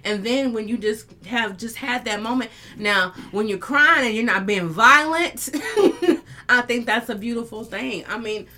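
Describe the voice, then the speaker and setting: A woman with a bright, forceful voice hosts a live talk stream and reads comments from viewers. She talks candidly and emotionally, with plenty of swearing. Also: on the high side, animated, a little slow. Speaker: host of a live talk show. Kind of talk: casual live-stream chat reading comments.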